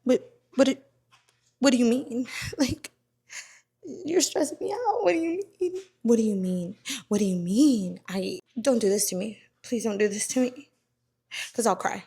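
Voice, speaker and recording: A woman's voice: mid-range voice, normal speed, pauses often, warm tone, breathy edge. A young woman chatting casually in a book vlog, reacting dramatically and repeating herself. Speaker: book vlogger. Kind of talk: casual reading vlog chat. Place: outdoors at a park; at home while cleaning.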